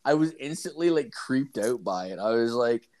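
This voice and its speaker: A man in his thirties co-hosting a podcast, spinning crude stories full of swearing and acted-out quotes. His voice sits at an ordinary middle pitch, and he rambles on in a loose, casual way. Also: animated, normal speed, darkish tone. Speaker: podcast co-host.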